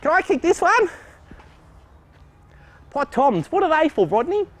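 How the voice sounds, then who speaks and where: A man's voice: very high-pitched, sing-song, measured pace. A man, a co-host asking playful, silly questions in tongue-in-cheek banter outdoors at a nursery. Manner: goofy, playful, cracks silly jokes.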